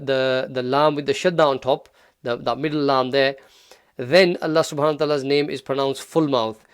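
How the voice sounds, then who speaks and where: A man teaching recitation in a casual recorded lesson, speaking with an easygoing, encouraging manner. His voice sounds smooth and resonant at a middling pitch, and he often pauses on fillers before stretching out a louder demonstration. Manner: relaxed and encouraging, with frequent fillers and restarts; drawn-out louder model recitations.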